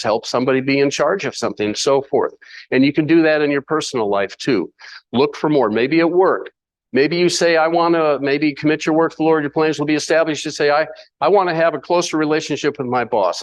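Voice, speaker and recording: Guy preaching at a small chapel, kinda high voice, chatty and folksy, lots of questions to the room. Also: no echo, poor audio. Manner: conversational, folksy, with rhetorical questions. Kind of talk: sermon. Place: church meeting room.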